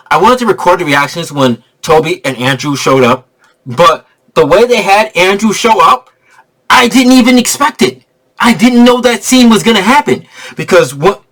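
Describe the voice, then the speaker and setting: A man rambles through a spoiler-filled movie review in a casual vlog. His fairly high-pitched voice is loose and slangy, full of restarts, and he keeps breaking into laughter as he gets excited.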